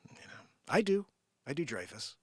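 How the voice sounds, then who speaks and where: A man hosting an improvised comedy live stream, joking and swinging between shouting and whispering. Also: a little high, very animated, normal speed, breathy edge, no room sound, studio quality.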